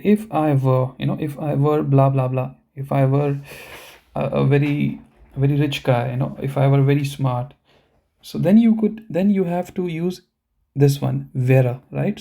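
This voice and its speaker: A man's voice: mid-range voice, vocal fry, mellow. A man teaching a live online language lesson, explaining step by step and often checking in with the learners. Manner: slow, deliberate pronunciation of example words. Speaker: German teacher.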